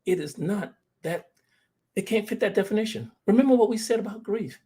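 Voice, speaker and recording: A man's voice: high-pitched, lively intonation, a little fast, mellow, slightly rough. A man giving an earnest presentation on grief, telling personal stories and speaking to the audience as family. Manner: earnest, addresses the audience as "fam".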